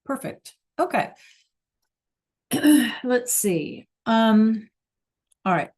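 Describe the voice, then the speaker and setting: Slow, patient teacher woman. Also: on the high side, animated, darkish tone. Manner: patient, checks in often with "right?" and "okay?". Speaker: Spanish teacher. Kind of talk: online class teaching. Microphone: video call.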